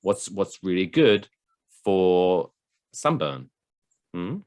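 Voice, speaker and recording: A lower-voiced man with an English accent, chatting loosely as a podcast co-host. His pitch swings a lot as he rambles from joke to joke. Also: takes it slowly. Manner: rambling, jokey, with animated asides. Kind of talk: casual chat.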